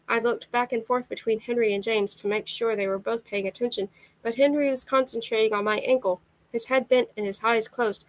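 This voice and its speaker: A woman reading a novel aloud in steady first-person narration, with occasional slips. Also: on the high side, brisk, rough recording. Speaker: amateur reader.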